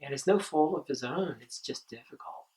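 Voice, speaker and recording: A man giving a training talk to camp counselors, earnest and halting, with frequent ums and restarts. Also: fairly high pitch, lively intonation, mellow, far from the mic, low-quality recording. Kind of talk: instructional talk.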